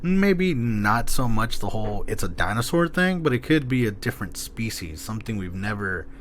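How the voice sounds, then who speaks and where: A man co-hosting a podcast, rambling and excitable with lots of fillers and casual swearing. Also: fairly low pitch, moderate pace, a little hiss or hum. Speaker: podcast co-host.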